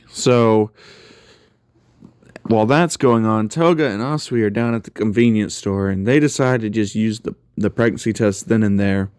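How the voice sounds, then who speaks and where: A man's voice: fairly low pitch, measured pace, darkish tone, clean tone, no echo, clean studio sound. A man casually telling a fan story aloud, with many fillers and restarts.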